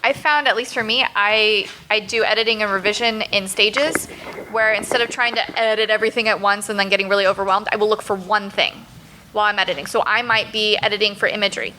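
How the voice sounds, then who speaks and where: Bright, methodical woman panelist. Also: mid-range voice, fairly even intonation, fast talker, a little hiss or hum, rough recording. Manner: methodical, lays out steps in order. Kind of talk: panel talk.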